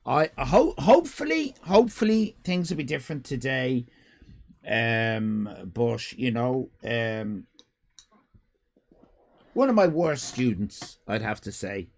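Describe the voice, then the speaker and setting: A man's voice: medium pitch, very animated, takes it slowly, gravelly, long pauses. A man hosting a live stream, rambling in casual chat, swearing and breaking off mid-sentence at home. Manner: rambling, swearing, self-interrupting. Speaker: livestream host. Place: home room with cats.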